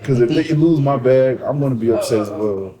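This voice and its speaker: A man's voice: medium pitch, a little fast, crowd noise. A man co-hosting a podcast, chatting casually in a jokey, easygoing way. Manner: relaxed, jokey, laughs easily. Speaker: podcast co-host. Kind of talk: casual chat.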